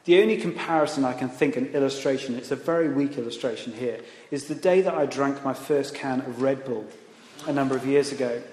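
A man preaching a sermon in a church, animated, with conversational asides and rising emphasis. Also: medium pitch, brisk. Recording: echoey hall, long reverb.

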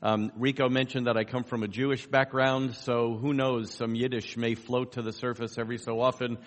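A middle-aged man from New York with a light American accent, giving a conference talk with dry, self-deprecating humor and halting restarts. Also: mid-range voice. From New York, USA. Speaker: guest speaker on evangelism. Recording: long hall reverb.

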